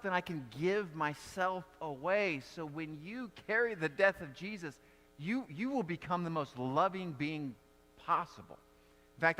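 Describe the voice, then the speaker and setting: A man preaching a sermon as pastor, telling stories in a conversational, animated way. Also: on the high side, in a large hall. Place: church sanctuary.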